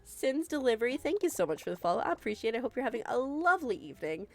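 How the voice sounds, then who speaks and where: A woman chatting casually with viewers during a live game stream, excitable and quick to gasp and laugh. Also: on the high side. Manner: excitable, gasping and laughing often. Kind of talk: casual live-stream chat while gaming.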